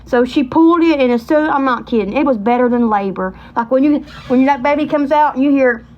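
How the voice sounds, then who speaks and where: A woman in her thirties with a high, bright-pitched voice chats on a livestream. She rambles and piles on colloquial asides as she tells her stories. The audio is a little dull and lo-fi. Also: a little fast. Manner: chatty, animated, rambling with Southern colloquialisms. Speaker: livestream host. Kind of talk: casual livestream storytelling.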